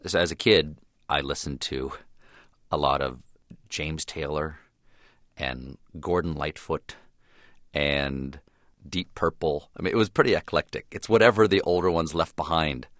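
A man's voice: extremely low pitch, a little slow, fairly bright tone, dry recording, clean studio sound. A man speaking as a guest in a casual interview, reflective and rambling, with frequent restarts.

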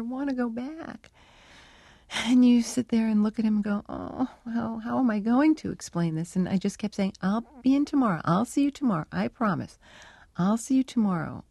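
Gravelly, mellow-voiced woman telling stories. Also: mid-range voice, no echo. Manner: thoughtful, anecdotal, acts out remembered dialogue. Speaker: animal researcher, interview guest. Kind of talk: radio interview, storytelling answers.

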